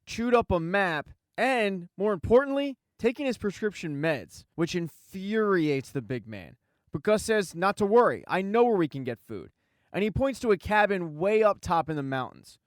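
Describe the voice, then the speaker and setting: Man narrating a brisk story recap. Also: sits high, expressive, no echo, clean studio sound. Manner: brisk storytelling with quoted lines read plainly. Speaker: recap channel host.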